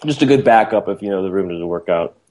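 Low-voiced playful man. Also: animated, fast talker, darkish tone. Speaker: prank call show host. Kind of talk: prank calling and banter.

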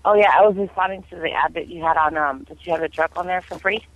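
A man's voice: fairly high pitch, quick pace, fairly bright tone, no room sound. A man on a phone call answering an ad, talking in a hesitant, polite way. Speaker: caller answering an ad. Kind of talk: phone conversation.

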